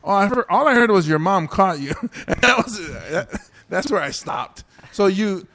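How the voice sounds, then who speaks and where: Giggly high-voiced man chatting. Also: normal speed. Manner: giggly, laughs constantly, animated. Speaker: podcast host. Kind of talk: casual comedy podcast chat.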